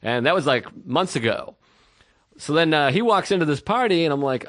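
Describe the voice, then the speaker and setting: A man in his thirties spinning a long, self-deprecating anecdote on a podcast and slipping into the voices of everyone in it. His voice sits a little high for a man, and the sound is close and dry with no room around it. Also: very animated, brisk, fairly bright tone, no echo. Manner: rambling, self-deprecating anecdotes with acted-out quotes. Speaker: podcast co-host. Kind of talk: casual storytelling chat.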